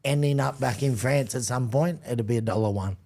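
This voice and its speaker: An Australian man, a rugby league coach as podcast guest, telling stories in a relaxed, rambling way, often restarting his sentences. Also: medium pitch, brisk, creaky, background noise. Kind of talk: casual chat.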